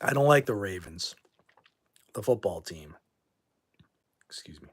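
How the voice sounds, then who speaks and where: A man's voice: low-pitched, lively intonation, unhurried, long pauses, breathy edge. A man from New England hosting a casual livestream, answering viewer comments and bluntly kicking out trolls as he rambles. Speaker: livestream host.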